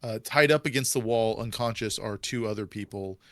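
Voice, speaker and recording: A man's voice: lowish voice, moderate pace, fairly bright tone, no echo. A man narrating as game master of a tabletop role-playing game, chatty and rambling with fillers.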